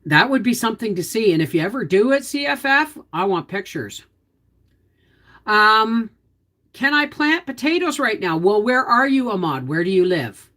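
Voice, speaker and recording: A woman's voice: mid-range voice, a bit bright. A woman hosting a casual livestream, chatting in a folksy, down-to-earth way while explaining cooking and gardening and answering viewers. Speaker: homestead channel host.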